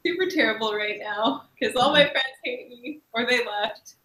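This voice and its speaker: A woman's voice: on the high side, moderate pace, bright, forceful tone. A woman playing her character in a tabletop game, sulky and dramatic. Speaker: player. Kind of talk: tabletop role-play. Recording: echoey room.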